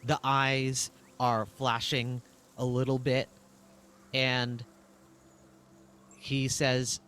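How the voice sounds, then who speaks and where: Male player, slow and deliberate, plain mid voice. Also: mid-range voice, steady tone, a bit bright. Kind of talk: narrating his character's actions in a tabletop game.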